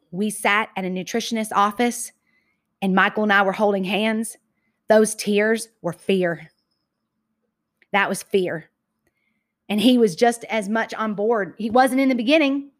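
A woman from Georgia with a Southern accent giving an emphatic inspirational talk, repeating key phrases slowly and calling her listeners y'all. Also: mid-range voice. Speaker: motivational speaker.

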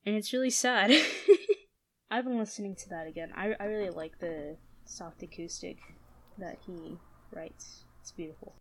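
A young woman co-hosting a casual podcast, soft-spoken and dry, often trailing off quietly. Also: mid-range voice, expressive, a little slow, a little hiss or hum. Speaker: podcast co-host.

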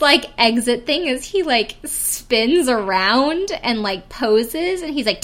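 This young podcast host has a high, animated, fairly bright voice and speaks a bit slowly. She recaps a reality show in a casual, giggly way, peppering her chatter with "like" and "um."

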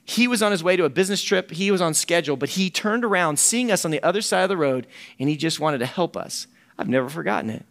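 A man's voice: fairly high pitch, lively intonation, quick pace, a bit bright. A middle-aged man, a camp ministry director giving a folksy conference talk with quoted voices.

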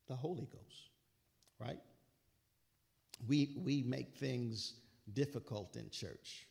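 A man's voice: medium pitch, expressive, slow pace, creaky, long pauses, a little mellow. A man preaching a sermon, quoting scripture with rising, emphatic bursts and casual asides.

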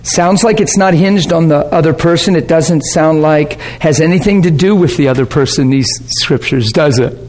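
Brief: high-pitched male preacher, casual teaching tone, quick to laugh, keeps asking the room if they follow. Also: darkish tone. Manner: conversational, checks in with the class, laughs often. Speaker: pastor. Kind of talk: sermon teaching. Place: warm classroom or church hall.

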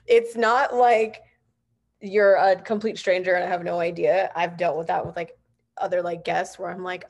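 Woman, podcast host; easy chatty delivery, slightly low pitch. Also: fairly even intonation, normal speed, creaky, a little mellow. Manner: chatty, laughing, many "like" fillers. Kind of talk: casual video-call interview.

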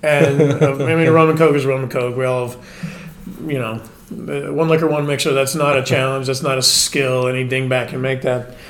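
Man in his forties, casual, self-deprecating storyteller, mid pitch. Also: little pitch movement, moderate pace, slight background noise. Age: 40s. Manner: chatty anecdotal storyteller, self-mocking. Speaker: podcast guest, spirits brand manager.

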